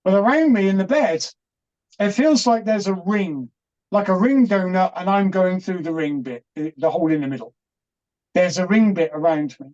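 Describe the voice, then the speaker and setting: A man's voice: high-pitched, a little mellow. Earnest man telling a story. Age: middle-aged. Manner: earnest, halting, with repeated restarts. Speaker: interview guest. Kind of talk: personal storytelling. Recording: dull, muffled audio.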